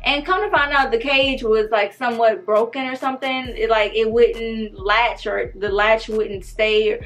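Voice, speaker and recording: A young woman, telling a story in a loud, animated, profane way. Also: a little high, a little slow. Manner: animated, profane, dramatic retelling. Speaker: storytime vlogger. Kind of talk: casual storytime.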